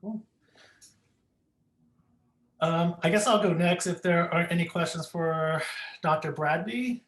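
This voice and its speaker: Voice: medium pitch, fairly bright tone. Hesitant doctor in a roomy echo. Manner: measured, hesitant, many "um" fillers. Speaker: physician presenting a group recap. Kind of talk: casual workshop presentation. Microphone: video call. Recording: roomy echo on a video call.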